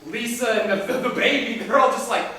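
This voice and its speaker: A man in a rambling, halting casual chat, often breaking into laughter. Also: extremely high pitch, sharp tone. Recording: echoey room from far off.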